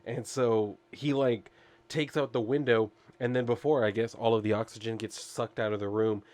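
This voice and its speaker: A man talking through a comic book issue in a loose, rambling way, leaning on "like" and "I guess" while chuckling at the story. His voice sits at an ordinary mid pitch for a man, and the delivery is casual and unscripted. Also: fairly even intonation, moderate pace, darkish tone.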